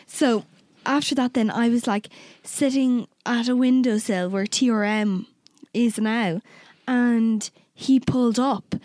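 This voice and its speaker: A woman's voice: fairly high pitch, slow pace, hardly any pauses, darkish tone, dry recording, studio quality. A young woman, co-hosting a podcast, telling a personal story in casual chat, candid and swearing freely. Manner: candid, swears freely, acts out quoted exchanges. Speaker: podcast co-host.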